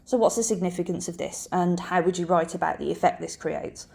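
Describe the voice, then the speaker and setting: A woman teacher narrating a scripted lesson in a clear, measured, explanatory way. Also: lowish voice, mellow.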